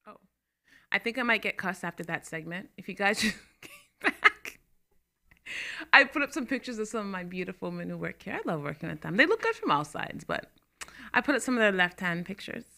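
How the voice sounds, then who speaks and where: A woman's voice: mid-range voice, animated, fairly quick, vocal fry, long pauses, bright, forceful tone. A young adult woman hosting a talk show, chatting casually to camera with laughing asides and stressed words.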